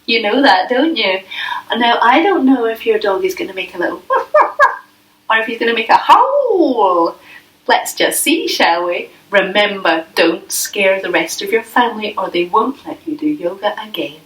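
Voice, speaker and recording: A woman's voice: mid-range voice, big pitch swings, normal speed, recorded from a distance. Woman, kids' yoga teacher, playful coaxing tone, echoey room, voice set back from the mic. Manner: gentle, playful, coaxing questions to children. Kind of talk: guided kids' yoga class.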